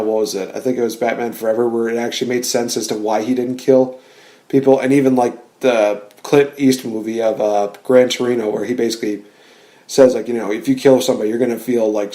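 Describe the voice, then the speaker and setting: A man's voice: mid-range voice, mellow. A man co-hosting a casual podcast, rambling with lots of filler words and laughing often. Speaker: podcast co-host. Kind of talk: casual chat.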